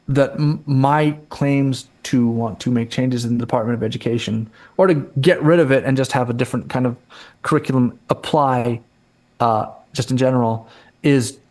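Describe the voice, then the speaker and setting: A man's voice: medium pitch, a little mellow. Argumentative male guest losing his voice. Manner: argumentative, repeats words while building a point. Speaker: returning guest. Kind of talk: casual conversational interview.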